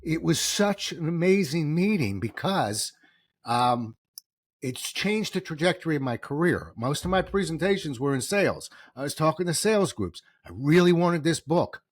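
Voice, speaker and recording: A middle-aged man, guest on an interview, telling stories in a lively way, acting out quoted voices and getting emotional. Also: fairly high pitch, moderate pace, dry recording. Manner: animated, acts out quoted voices, gets emotional. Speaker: guest, author and speaker. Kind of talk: storytelling interview answers.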